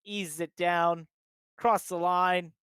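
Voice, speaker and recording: A sim racing broadcast host gives live race commentary in a slightly high, smooth, polished voice, speaking slowly. Excitement builds as he calls each lap, and he keeps returning to his favorite hype phrases. The recording is dry and close, with no echo or room sound.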